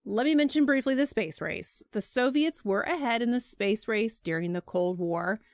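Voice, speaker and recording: A woman's voice: on the high side, lively intonation, normal speed, no room sound. Woman chatting thru a history podcast, dry close mic, casual and conversational. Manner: chatty, conversational, with filler words. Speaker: podcast host.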